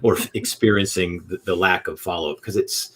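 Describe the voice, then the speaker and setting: A man hosting a casual interview, relaxed and rambling with many fillers. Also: low voice, moderate pace, breathy edge. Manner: relaxed, rambling, full of "you know" fillers. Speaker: podcast host.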